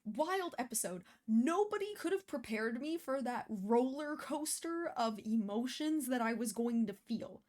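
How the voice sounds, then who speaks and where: A woman's voice: on the high side, animated, a little slow, hardly any pauses, a little mellow. A woman hosting a reaction video, talking casually and emotionally, with many fillers and restarts.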